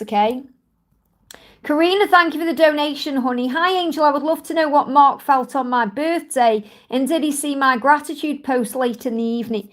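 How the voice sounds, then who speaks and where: Soothing high-voiced woman reading cards. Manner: soothing, calls viewers honey. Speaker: tarot card reader. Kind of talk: live-stream card reading, answering viewers.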